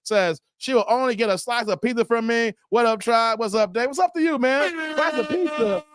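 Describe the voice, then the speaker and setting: A man's voice: very high-pitched, brisk. A man hosting a casual live stream, reading viewer comments aloud and laughing often.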